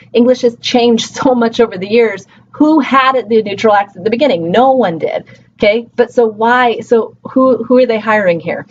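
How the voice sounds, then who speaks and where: A woman gives a relaxed linguistics lecture, checking in with her students through frequent tag questions. The recording is a bit dull, with a faint hum of room noise behind her voice. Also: medium pitch. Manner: conversational, frequent "okay" and "right" tag questions. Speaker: linguistics instructor.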